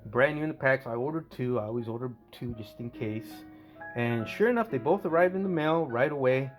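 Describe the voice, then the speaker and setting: A man's voice: medium pitch, lively intonation, a little fast, faint music behind. A man casually narrating a scale model tank restoration, rambling and correcting himself as he goes. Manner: rambling, self-correcting, conversational.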